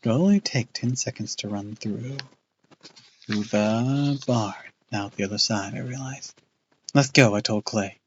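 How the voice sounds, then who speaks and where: A man's voice: mid-range voice, unhurried, lo-fi sound, slight background noise. A man casually reading a book aloud on a live stream, loose and off-hand, with crude asides.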